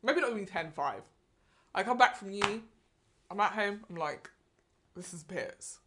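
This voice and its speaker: A woman in her thirties chatting on a podcast, her pitch leaping up and down as she talks. She laughs a lot and breaks into excited high bursts. Her tone is casual and her speaking pitch sits mid-range. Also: moderate pace, background noise. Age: 30s. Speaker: podcast co-host. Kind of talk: casual chat.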